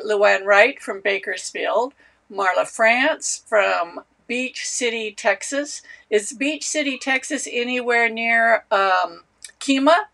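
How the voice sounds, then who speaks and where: A woman's voice: a little high, creaky. A woman hosting a knitting live stream, chatting casually and greeting viewers by name. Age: older. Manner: warm, chatty, reads out viewer names.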